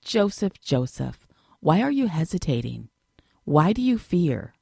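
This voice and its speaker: Gentle Jesus, sad and loving, deep and lively in pitch, read by a woman; dry, close sound. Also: unhurried, creaky, breathy edge, dry recording, exaggerated voice. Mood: gentle pleading. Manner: sad, gentle, pleading questions.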